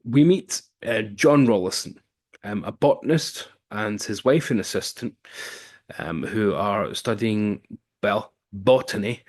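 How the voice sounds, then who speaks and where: A man casually recapping a film's plot as a reviewer, with wry asides and frequent um fillers. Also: fairly low pitch. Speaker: film reviewer.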